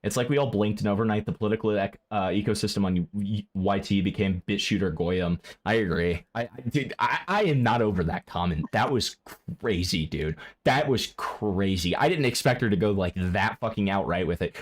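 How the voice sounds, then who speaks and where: A male live streamer reacts to clips at normal speed with hardly any pauses, his profane, excitable commentary bursting into loud, high outbursts.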